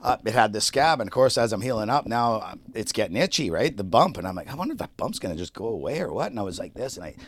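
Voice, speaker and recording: Casual male podcaster, animated and profane, tells a story with laughs. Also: lowish voice, quick pace, few pauses, husky. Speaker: podcast co-host.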